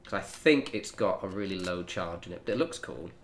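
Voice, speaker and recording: A man's voice: low-pitched, lively intonation, brisk, slight background noise. A young man chatting casually while he streams a game, rambling in asides to his viewers. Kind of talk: casual gameplay commentary.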